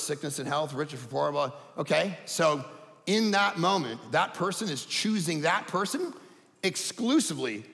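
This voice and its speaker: Animated pastor, high lively voice. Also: male voice, creaky. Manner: animated, conversational, swings from hushed to shouting. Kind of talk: sermon. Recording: echoey hall reverb.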